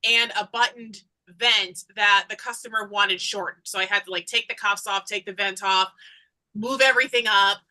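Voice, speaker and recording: A woman's voice: mid-range voice, fairly even intonation, normal speed, sharp tone, poor audio. A woman hosting a casual chat, telling a story and laughing often. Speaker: host.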